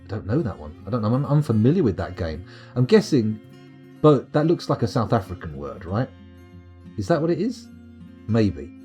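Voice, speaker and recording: A man's voice: lowish voice, very animated, normal speed, mellow, soft background music. A young man chatting casually while streaming a game, rambling, swearing and reading chat aloud.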